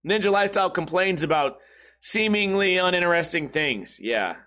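A man hosting his own podcast, hoarse and with a failing voice, grumbling and cursing his way through a casual rant. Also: sits high, expressive, normal speed, sharp tone. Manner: profane, grumbling, self-deprecating. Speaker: podcast host.

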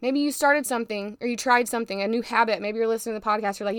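Young woman podcast host, fired-up faith pep talk, smooth clear voice, slightly high. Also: quick pace, few pauses, no room sound, studio quality. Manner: emphatic, preachy, fired-up encouragement.

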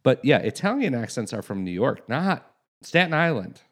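A man's voice: medium pitch, big pitch swings, moderate pace. A man co-hosting a casual show, teasing his co-host playfully. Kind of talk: casual chat.

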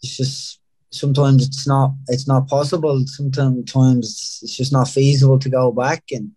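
A man's voice: medium pitch, normal speed, no room sound. Irish guy, thirties, easygoing interview guest, dry close sound. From Ireland. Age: 30s. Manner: relaxed, laid-back storytelling with many fillers. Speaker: professional footballer, guest. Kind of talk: casual interview chat.

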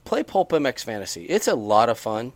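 A man's voice: mid-range voice, big pitch swings, brisk, no echo. A man co-hosts a laid-back podcast, talking in a chatty, rambling way and restarting his sentences often. His voice is recorded close and dry, with no room sound around it. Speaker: podcast co-host. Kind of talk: casual podcast chat. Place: on a porch.

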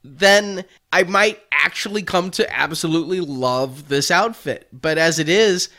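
A man's voice: fairly high pitch, measured pace, pushed and bright. A man hosting a casual chat about toy figures, chatty and joking, laughing often. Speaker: toy collecting podcast host.

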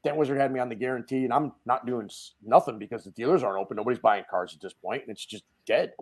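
A man guest on a casual podcast, telling a lively story, acting out the quoted dialogue and laughing along. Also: mid-range voice, quick pace, husky. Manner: animated storyteller who acts out quoted dialogue; laughs often mid-story. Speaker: podcast guest, dent repair technician. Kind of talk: casual chat.

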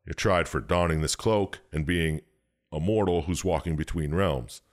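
Deep-voiced man rambling through a recap. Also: moderate pace. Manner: rambling, profane, jumps into silly quoted voices. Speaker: podcast co-host recapping a game story. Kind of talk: casual chat.

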